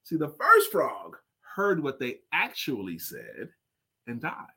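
A man co-hosting a casual live show, chatting and telling a story in an animated, dramatic way. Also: mid-range voice, slow, creaky, slightly rough. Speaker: co-host.

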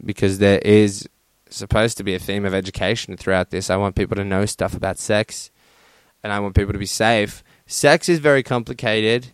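Young male podcast host, profane and self-deprecating, smooth voice, dry sound. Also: on the low side, no echo. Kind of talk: casual solo podcast chat.

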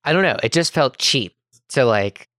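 A man's voice: mid-range voice, lively intonation, normal speed, sharp tone, dry recording, clean studio sound. A man co-hosting a podcast in casual chat, opinionated and arguing his point. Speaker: podcast co-host.

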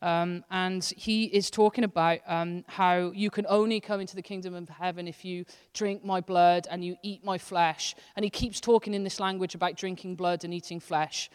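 A woman's voice: fairly low pitch, steady tone, moderate pace, few pauses, clear, resonant tone. A woman associate pastor preaching a sermon in a casual, earnest, conversational way, with her intensity rising and falling as she speaks. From Wales. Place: church hall. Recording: long church hall reverb.

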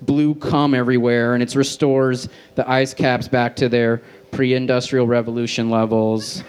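A man reading his own crude fan fiction aloud on an outdoor festival stage, deadpan with self-aware asides. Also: medium pitch, a little slow, clear, resonant tone. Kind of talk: live stand-up reading.

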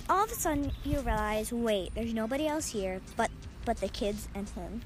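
Brief: woman, casual fan-story reader, rambling and self-correcting, fairly high voice, faint music underneath. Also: lively intonation, normal speed. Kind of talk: casual second-person fan story reading.

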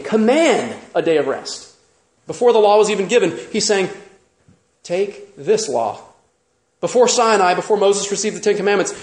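A man preaching a sermon as pastor, animated and full of rhetorical questions. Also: sits high, roomy sound.

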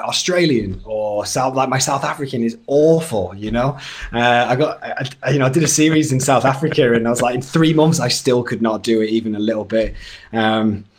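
A man in his thirties with a Northern English accent, chatting casually as an actor guest in an interview, with lots of fillers and restarts. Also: mid-range voice. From Northern England. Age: 30s.

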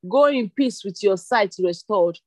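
A woman reads Jesus speaking to a blind man. She keeps it slow and gentle at a mid pitch. The recording is dry. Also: animated, dry recording. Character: Jesus, a calm healer.

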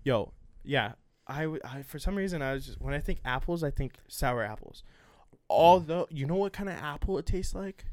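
A man's voice: fairly high pitch, expressive, moderate pace, darkish tone, no room sound. A young man co-hosting a podcast in casual chat, rambling and joking crudely with lots of fillers. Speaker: podcast co-host. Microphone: studio mic.

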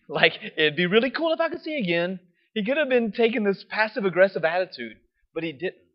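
A man preaching with an animated storyteller's delivery. His voice sits a little higher than most men's and sinks to a hushed, slower tone for reflective moments. The recording is dull and lo-fi. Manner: animated storytelling, often asking "right?"; drops to a soft, slow voice for reflective points. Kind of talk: sermon.

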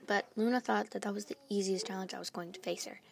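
A woman reading her own story aloud in a plain, slightly halting way with small restarts. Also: mid-range voice, fairly even intonation, vocal fry.

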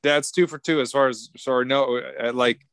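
A man's voice: medium pitch, fairly even intonation, normal speed, gravelly, a bit bright, clear, resonant tone, no echo. Rambling, laughing young man telling a story. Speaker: podcast co-host. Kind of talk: casual chat.

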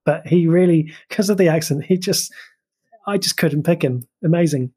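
A man's voice: a little high, normal speed, darkish tone, breathy edge, dry recording. A man co-hosting a casual film review podcast, chatty and enthusiastic, with frequent fillers and restarts.

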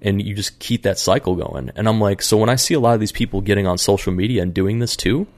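A man's voice: fairly low pitch, fast talker, no room sound. A man telling a story in a casual chat, rambling, profane and full of fillers.

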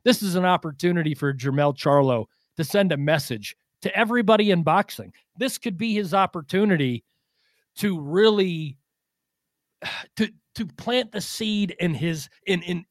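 A man co-hosts a casual podcast, talking a bit higher than most men. He rambles, restarts his sentences, and peppers them with fillers and swear words. The mic sound is close and dry, with no room around it. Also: no room sound. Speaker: boxing podcast co-host.

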